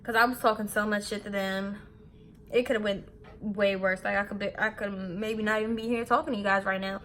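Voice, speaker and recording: A young woman in her twenties telling a candid, animated story about her own mistake while getting ready, swearing casually. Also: mid-range voice, a little fast, slight background noise. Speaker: beauty vlogger.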